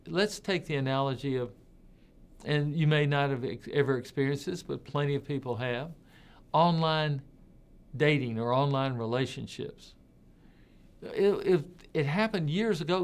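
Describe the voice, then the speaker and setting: A man giving an informal talk, speaking conversationally and leaning hard on his key points. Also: a little high. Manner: conversational, repeats words while thinking, emphatic on key points. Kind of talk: informal spoken commentary.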